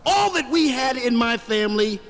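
Animated, high-voiced male stand-up comic. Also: normal speed, soft background music. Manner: animated storyteller who plays every character. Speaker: stand-up comedian. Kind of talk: stand-up comedy routine. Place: comedy club.

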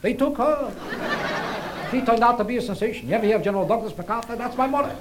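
A man's voice: very high voice, quick pace, a crowd in the background. A man doing a self-mocking stand-up routine on stage, rambling through his jokes before a live audience. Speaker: stand-up comedian. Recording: live stage recording with audience laughter and noise.

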